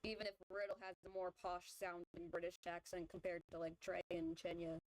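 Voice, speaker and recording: A woman's voice: fairly low pitch, little pitch movement, a little fast, poor audio. A woman streamer in casual chat, rambling through her opinions with lots of fillers and restarts. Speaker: vtuber streamer. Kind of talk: casual chat while drawing.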